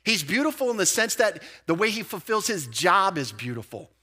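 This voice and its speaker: A man preaching a verse-by-verse sermon as a pastor, conversational with animated emphasis, asides and quick restarts. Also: high-pitched, breathy edge. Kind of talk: expository sermon. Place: church.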